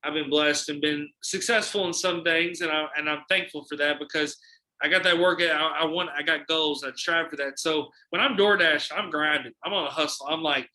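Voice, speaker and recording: A man swaps stories on a podcast, animated and loose with his swearing, bringing the other people in his tales to life. His voice is bright and forward. The room around him rings with echo. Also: fairly high pitch, brisk. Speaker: podcast guest and delivery driver. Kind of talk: casual storytelling. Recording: echoey room.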